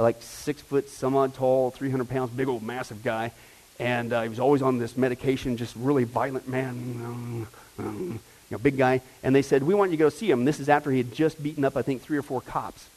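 A man preaching a sermon, telling a story with animated asides and frequent "right?" and "okay?" checks to the congregation. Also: on the high side, low-quality recording. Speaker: pastor or Bible teacher. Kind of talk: sermon with anecdote.

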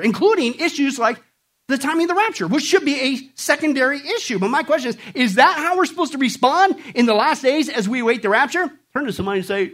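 With a very high voice, a pastor delivers a lively, playful sermon. He acts out jokes, puts on mocking voices, and prompts the congregation to respond.

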